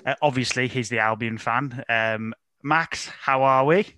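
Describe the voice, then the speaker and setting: A man's voice: mid-range voice, a little slow, bright, forceful tone. A man hosting a casual football podcast, teasing his guests and laughing often. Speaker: podcast host.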